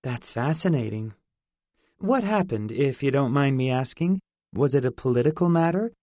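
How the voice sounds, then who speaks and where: A man's voice: mid-range voice, expressive, normal speed, darkish tone, no room sound, natural voice. A male narrator voicing a kindly, chatty middle-aged aunt asking friendly questions. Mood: curious. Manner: friendly, inquisitive.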